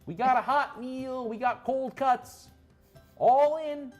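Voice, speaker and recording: A large, good-natured dwarf deli man, voiced by a man running a tabletop game calls out his wares in a booming, jolly Minnesotan accent. The voice sits high above the speaker's normal range and comes out loud and bright, with a little music playing quietly behind it. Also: slow pace. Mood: hawking. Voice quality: jolly, booming hawker's call. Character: large friendly male dwarf deli vendor.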